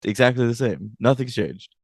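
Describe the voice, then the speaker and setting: A man's voice: medium pitch, expressive, normal speed, vocal fry, no room sound, clean studio sound. A man co-hosting a podcast, chatting casually and animatedly as he recaps a TV episode, teasing his co-host and laughing often.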